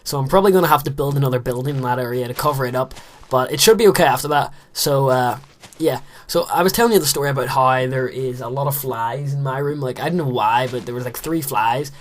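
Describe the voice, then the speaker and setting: A man's voice: mid-range voice, fast. A teenage boy with a Northern Irish accent, rambling in casual chat while commentating his own game play. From Northern Ireland. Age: teens. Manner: rambling, chatty, many fillers. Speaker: let's play host.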